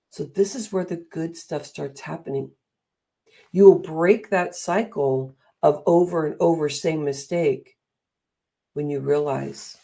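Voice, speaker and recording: A middle-aged woman giving a motivational talk, animated and acting out the voices she quotes. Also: low-pitched, vocal fry, slightly rough. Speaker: speaker and coach.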